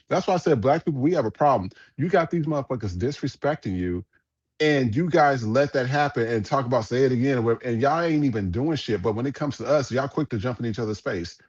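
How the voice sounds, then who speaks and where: A man's voice: mid-range voice, darkish tone, husky, lo-fi sound. A man hosting a podcast, giving casual news commentary in a blunt, profane ranting manner. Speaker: podcast host.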